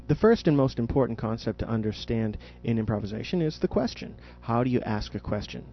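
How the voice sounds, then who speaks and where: A man's voice: medium pitch, animated, a little fast, highs cut off, slight background noise. A man teaching jazz improvisation in a podcast audio lesson, explaining patiently and demonstrating spoken question and answer inflections.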